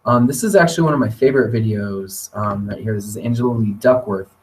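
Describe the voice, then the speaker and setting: A man presenting a teacher training webinar, talking in a relaxed conversational way with occasional fillers. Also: fairly low pitch, brisk. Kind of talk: webinar lecture. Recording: voice distant from the mic.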